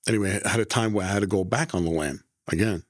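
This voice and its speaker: A middle-aged man speaks in a low register. He rambles through his stories and restarts his sentences. The sound is dry and close. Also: fast talker, dry recording. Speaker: guest, former mobster. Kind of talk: casual storytelling interview.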